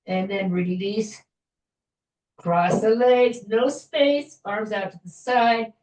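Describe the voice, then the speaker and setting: Gentle woman leading a stretching class. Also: mid-range voice, slow pace, far from the mic. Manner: gentle, chatty, self-joking with little laughs. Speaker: fitness instructor. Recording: echoey room, voice from afar.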